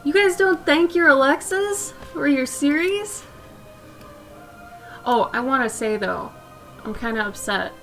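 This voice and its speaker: Female streamer, high and unhurried, soft rambling casual chat, desk mic, faint music behind. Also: lively intonation. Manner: chatty, soft-spoken, drifting between asides. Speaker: live-stream artist host. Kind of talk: casual chat while drawing.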